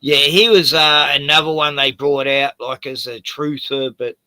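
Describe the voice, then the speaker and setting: Bright-voiced Australian man, rambling chat. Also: mid-range voice, fairly even intonation, moderate pace, no echo. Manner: rambling, laughs often. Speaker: streamer host. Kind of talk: casual chat.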